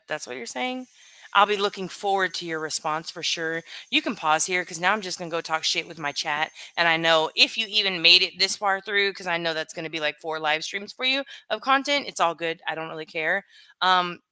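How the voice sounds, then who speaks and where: A woman's voice: on the low side, fairly quick, pushed and bright, clean tone, no echo. A woman live streaming, blunt and profane, chatting casually and greeting her chat by name.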